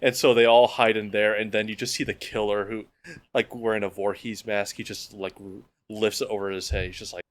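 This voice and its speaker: Relaxed low-voiced podcast man. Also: fairly quick. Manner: relaxed recounting of movie scenes. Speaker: podcast co-host. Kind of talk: casual chat.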